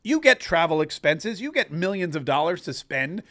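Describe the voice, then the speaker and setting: Ranting high-voiced male commentator. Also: big pitch swings, moderate pace, pushed and bright. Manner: emphatic, ranting, sarcastic. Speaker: host. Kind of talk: political commentary talk.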